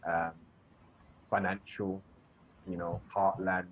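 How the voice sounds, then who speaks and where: A man with a Birmingham accent, a guest in a casual chat, speaking in a measured, emphatic way. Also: deep voice, little pitch movement, a little hiss or hum. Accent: Birmingham English. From England. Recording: dull lo-fi call audio.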